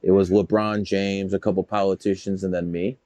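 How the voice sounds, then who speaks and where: Profane, boastful low-voiced man. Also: little pitch movement, a little fast, dark tone, dry recording. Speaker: guest, numerologist. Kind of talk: casual storytelling interview.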